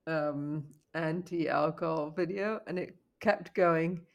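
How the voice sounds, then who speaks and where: A woman co-hosts a podcast, chatting casually, telling animated stories and laughing often. Her voice is low-pitched and slow.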